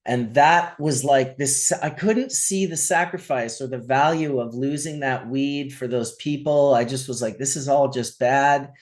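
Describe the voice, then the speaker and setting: A man's voice: medium pitch, measured pace, hardly any pauses. Middle-aged guy telling wild stories, swears a lot, regular mid voice. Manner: animated storyteller, swears freely. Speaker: podcast host. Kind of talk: casual storytelling chat.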